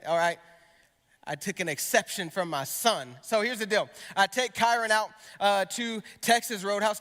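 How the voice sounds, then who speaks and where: A man's voice: sits high, pushed and bright. A young man, a youth pastor, preaching to students in a conversational way, with personal stories. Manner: conversational preaching with storytelling asides. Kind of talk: sermon to students. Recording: long hall reverb.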